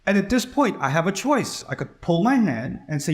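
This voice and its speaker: Guy with a pretty high voice preaching a sermon, chatty, acts out little dialogues. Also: sing-song, a little fast. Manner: conversational, acts out quoted dialogue.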